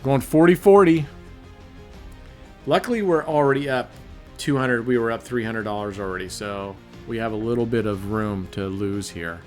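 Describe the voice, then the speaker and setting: A man hosting live casino gameplay commentary, excitable and cursing, grumbling at the dealer as he works out his bets. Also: medium pitch, moderate pace, soft background music. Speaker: channel host.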